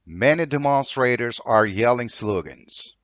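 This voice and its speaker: A man's voice: medium pitch, animated, measured pace, fairly bright tone, dry recording, dull audio. A man with a Turkish accent teaching English vocabulary, saying each word twice and reading an example sentence. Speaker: language teacher.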